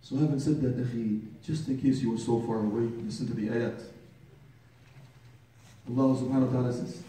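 A man's voice: medium pitch, a little fast, dark tone, a little hiss or hum. A man preaching a sermon with fervent rhetorical questions, reciting Arabic scripture and translating it, calling listeners brother. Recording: very echoey room, far from the mic.

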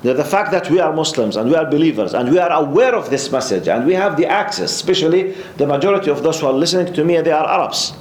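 Middle-aged Jordanian-accented man, Islamic lecturer, animated storyteller with a slightly high voice, roomy sound. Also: quick pace, hardly any pauses. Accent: Jordanian Arabic. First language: Arabic. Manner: lively, laughing, repeats words. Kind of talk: religious talk with storytelling. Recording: roomy echo.

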